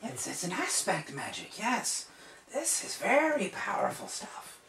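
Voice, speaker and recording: A woman voicing an excitable male sprite wizard who jitters and repeats his words. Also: mid-range voice, a little slow, pitched above the performer's own voice, exaggerated voice. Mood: excited. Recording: echoey room, distant mic, faint hiss.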